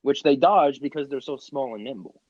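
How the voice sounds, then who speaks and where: Young guy, kinda high voice jumping all over, absurd bits said straight, muffled dry mic. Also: moderate pace, no echo. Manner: absurd deadpan tangents. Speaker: podcast co-host. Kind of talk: casual chat.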